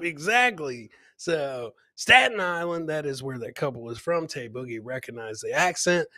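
A man hosting a casual live podcast, hyped and chuckling as he shouts out to his viewers. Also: fairly high pitch, expressive, normal speed. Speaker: podcast host. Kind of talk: casual live-show chat.

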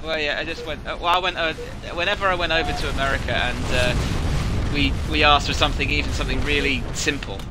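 This British streamer chats while playing a game, rambling through a long story full of restarts and fillers. His pitch is fairly high, his intonation fairly even, and his pace quick, with background noise behind him.

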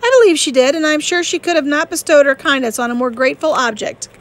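A woman reading the part of a witty, sharp-tongued young woman in an audiobook, brisk and pointed. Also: high-pitched, close to an everyday voice.

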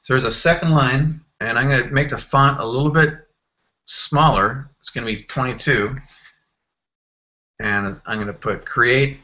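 A man walking through a software screen tutorial in a casual, think-aloud way, with fillers and self-corrections. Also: medium pitch, unhurried, muffled recording. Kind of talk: screen-recorded software walkthrough.

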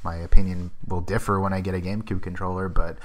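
A man's voice: deep voice, level tone, quick pace. A man co-hosting a casual gaming podcast, easygoing and agreeable, with hesitant fillers. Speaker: podcast co-host.

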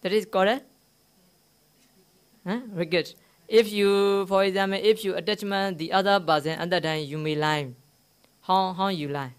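A man's voice: sits high, fairly even intonation, moderate pace, long pauses, smooth. A man, a Buddhist monk, giving a dharma talk in simple broken English. He asks the listeners questions and tells a teaching story, repeating key words. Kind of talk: dharma talk to a live audience. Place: meditation centre hall.

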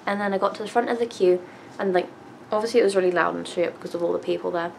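A woman's voice: on the low side, fairly even intonation, very fast, gravelly, darkish tone, slight background noise, low-quality recording. A young woman, telling a story casually to camera with lots of fillers and the odd swear. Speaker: vlogger.

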